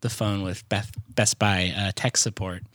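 A man's voice: on the low side, fairly even intonation, unhurried, fairly bright tone, dry recording. A young man telling an amused story in casual chat on a podcast.

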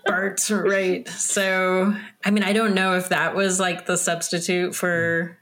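Slow, low-voiced hesitant woman. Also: little pitch movement, a bit bright. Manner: slow, hesitant, thinking aloud. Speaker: guest actor. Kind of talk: casual chat.

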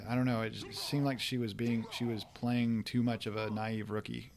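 A man's voice: mid-range voice, flat delivery, normal speed. Chatty male podcast host. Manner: chatty, laughs often, loose restarts. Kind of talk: casual episode commentary.

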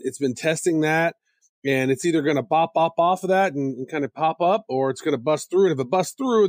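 Guy cohosting a podcast, kinda high voice, gets excitable, dry sound. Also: no echo. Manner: excitable, jumps into high squeals when joking. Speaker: podcast co-host. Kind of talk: casual podcast chat.

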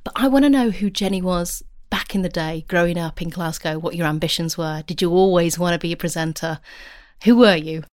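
A woman's voice: on the low side, brisk, a little mellow, no room sound, studio quality. A woman hosting an interview, complimentary and chatty, with laughing asides. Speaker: interviewer and podcast host. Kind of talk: casual interview chat.

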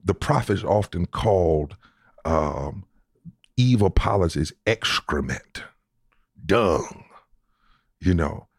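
A man's voice: deep voice, gravelly, a little mellow, slightly rough, no echo, clean studio sound. A man answering interview questions as a preacher, citing scripture with emphatic repetitions. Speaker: guest preacher.

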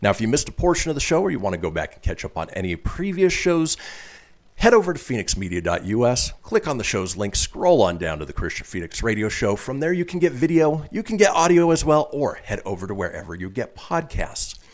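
A man's voice: mid-range voice, big pitch swings, fairly quick. A man hosting a casual radio talk show, reading news stories aloud and adding chatty asides. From northern Nevada, US.

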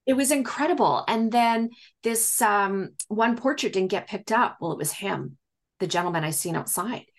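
An interview guest, this woman talks in a mid-range voice at a moderate pace. Her storytelling is chatty and casual, full of fillers and acted-out quotes from other people.

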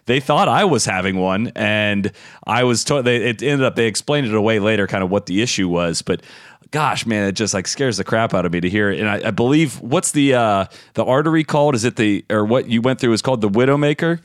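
A man hosting a podcast, chatting and asking questions in a relaxed, conversational way. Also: lowish voice, brisk, dry recording, clean studio sound. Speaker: podcast host. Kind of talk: casual interview chat.

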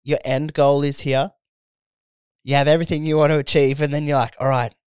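Man, Australian accent, late twenties, podcast co-host, crude slangy chat, smooth clear voice. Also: fairly high pitch, flat delivery, a little fast, darkish tone, no room sound, clean studio sound. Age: late 20s. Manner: crude, slangy, puts on mocking voices in stories. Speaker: podcast co-host, stand-up comedian. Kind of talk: casual chat.

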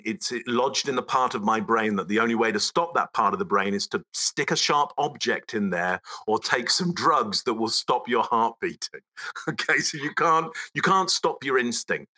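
A man being interviewed on a podcast, explaining his field in an emphatic, step-by-step way. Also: fairly low pitch. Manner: emphatic, animated explainer who breaks ideas into steps. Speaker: body language expert guest.

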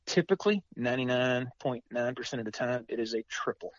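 A man calmly walks through the rules of retriever hunt tests and chimes in with agreement. His voice sits mid-range, and the recording sounds dull and dry. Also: mid-range voice, a little fast, dry recording. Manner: explains rules plainly, agrees often. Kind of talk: casual chat.

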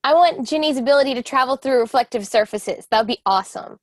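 A woman chatting casually on a podcast, enthusiastic and a little halting. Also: high-pitched, dry recording, studio quality. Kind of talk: casual group chat.

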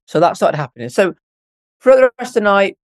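Animated, swearing man, slightly high. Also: quick pace, no echo. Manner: animated, swears freely, acts out what people said. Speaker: podcast guest. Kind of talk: casual storytelling.

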